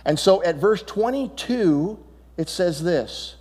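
Man, pastor, animated sermon, questions to the congregation, long church reverb. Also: sits high, slow pace. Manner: animated preaching, acts out Bible dialogue, asks the crowd questions. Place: church sanctuary.

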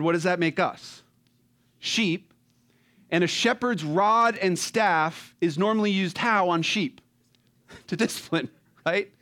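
A man's voice: high voice, a bit bright. A man preaching a sermon from the pulpit in a casual, conversational way, asking his congregation rhetorical questions. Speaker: pastor.

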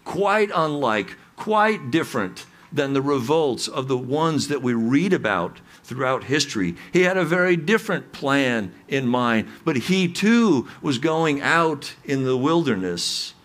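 A man's voice: medium pitch, expressive, measured pace, hardly any pauses, a bit bright. An earnest man delivering a sermon in a mid-range voice. He talks in a conversational way with small restarts and lifts into emphatic readings when he quotes scripture. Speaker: pastor.

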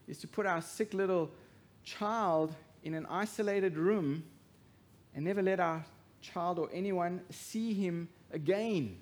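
A man preaching a sermon as pastor, swinging from hushed to loud emphasis and asking the congregation rhetorical questions. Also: sits high, unhurried.

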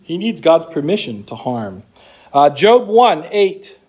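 A man's voice: fairly high pitch, big pitch swings, slow pace, darkish tone, slightly rough. A man teaching an apologetics class, explaining scripture in a conversational way and reading passages aloud.

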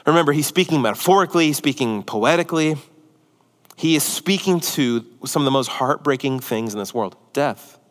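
A man preaching with animated swings, climbing high and loud in excitement, then dropping to near-whispers. His voice sits a little high for a man and rings out with a long hall reverb behind it. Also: a little fast. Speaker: pastor. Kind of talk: sermon.

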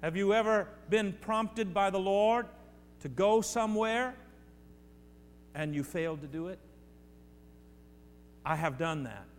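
A man's voice: high voice, slow pace, pauses often. A male pastor delivering a sermon, preaching emphatically with repeated phrases and speaking directly to his congregation. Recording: long hall reverb with faint hum.

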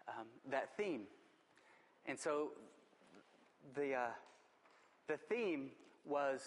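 Emphatic preacher in a reverberant church. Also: male voice, mid-range voice, a bit bright, slight background noise. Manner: emphatic preaching with repeated phrases. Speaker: pastor. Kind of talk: sermon.

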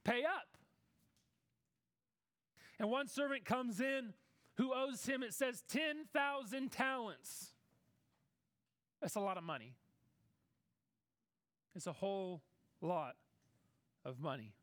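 A man preaching a sermon in a conversational way, acting out Bible characters in quick asides. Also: high-pitched, expressive, a bit bright, no room sound.

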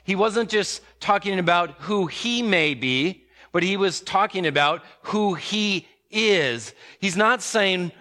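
Male pastor, high bright voice, emphatic sermon delivery. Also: lively intonation, takes it slowly. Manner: emphatic, varies pace for emphasis.

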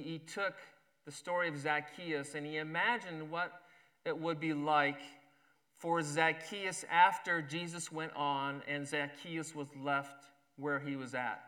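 A man's voice: a little high, bright, forceful tone. A man preaching a sermon, then reading a story aloud and voicing its characters. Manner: reads a story aloud, acting out the characters' lines. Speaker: pastor.

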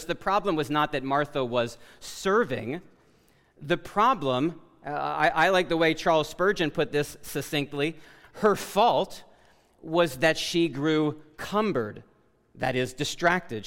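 A man preaching a sermon as pastor, loud and emphatic, often correcting himself mid-sentence. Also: a little high. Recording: long reverb of a large hall.

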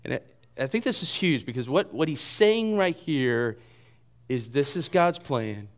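A man preaching a sermon, animated and joking at himself, dropping to a soft voice when he quotes. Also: on the high side, a little slow. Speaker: pastor.

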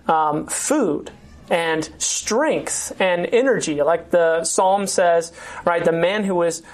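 Brief: lower-voiced woman, church class teacher, conversational, halting restarts. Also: darkish tone. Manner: conversational, with frequent fillers and restarts.

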